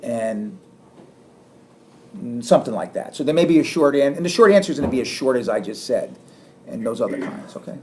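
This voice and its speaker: A middle-aged man giving a classroom lecture, animated and acting out sarcastic lines as examples. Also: mid-range voice, fairly quick, pauses often. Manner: animated, acts out sarcastic quotes. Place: lecture room.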